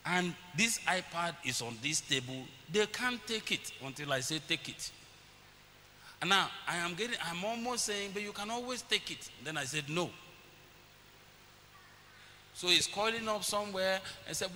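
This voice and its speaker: Preaching in a church hall, a middle-aged pastor sounds high, animated, bright and forceful, talking at normal speed. He tells stories about his family and voices his children's lines. There's long church reverb and a faint hiss on the recording.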